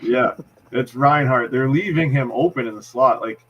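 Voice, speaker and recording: A man's voice: mid-range voice, normal speed, highs cut off. A man with a Boston accent, a hockey analyst giving a postgame breakdown, explaining plays step by step with frequent restarts. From Massachusetts.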